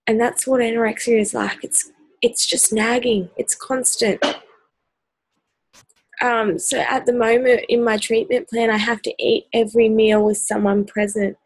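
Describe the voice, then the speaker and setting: A woman's voice: on the high side, little pitch movement, measured pace, breathy edge, dry recording, low-quality recording. An Australian woman vlogging straight to camera, earnest and hesitant with many ums, sounding exhausted. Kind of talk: personal talk to camera.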